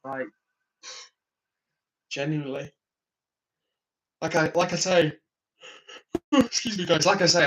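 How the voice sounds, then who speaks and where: A tired man hosts a live stream, yawning, reading chat comments aloud, chatting casually and laughing often. His voice is a little high and somewhat bright, and the audio quality is poor.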